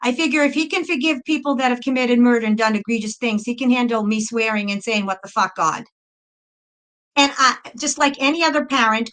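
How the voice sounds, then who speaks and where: A middle-aged woman from New talks straight to her viewers in a loose, unscripted monologue. She is blunt and swears freely, stumbles and repeats herself as she goes. Her voice is bright, forceful and a little high. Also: rough recording. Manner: blunt, profane, repeats and restarts. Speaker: spiritual video host. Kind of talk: casual storytelling monologue.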